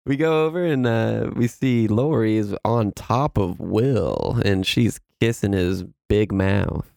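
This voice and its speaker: A man's voice: lowish voice, slow, gravelly, a little mellow, dry recording, clean studio sound. A man casually recapping a horror film with friends, rambling and laughing, acting out characters' lines. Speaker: podcast co-host. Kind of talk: casual movie recap chat.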